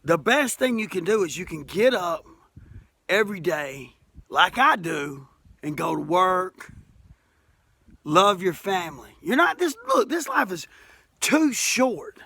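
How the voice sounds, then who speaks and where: Casting: middle-aged Alabama working man, folksy and emphatic monologue, bright forceful voice. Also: sits high, lively intonation, slow, pauses often, slight background noise. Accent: Southern US, Alabama. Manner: folksy, plainspoken, repeats himself, rising to emphatic. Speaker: masonry worker speaking to camera. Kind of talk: impassioned monologue to camera.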